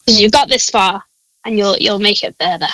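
Bright-voiced Scouse woman on a call. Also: medium pitch, normal speed, no room sound, rough recording. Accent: Liverpool Scouse. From Liverpool, England. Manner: chatty, laughs often, encouraging. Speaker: guest. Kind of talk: casual chat. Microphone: phone call.

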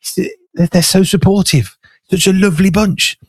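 A man's voice: high voice, steady tone, moderate pace, no room sound, clean studio sound. Man hosting a casual chat. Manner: enthusiastic, warm about the team, with restarts. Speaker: podcast host.

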